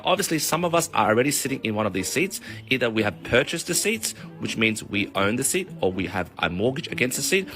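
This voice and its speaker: A man on a comedic, profane rant, telling a long analogy in an animated way. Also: fairly low pitch. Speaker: vlogger.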